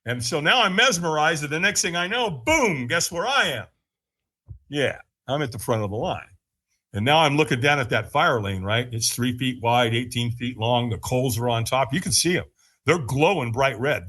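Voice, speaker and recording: A man's voice: animated, normal speed, pushed and bright, slightly rough. A man on a podcast, telling his story with frequent laughs and acted-out quotes. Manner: laughs often, acts out quotes in a higher voice. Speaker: podcast guest. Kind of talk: animated storytelling.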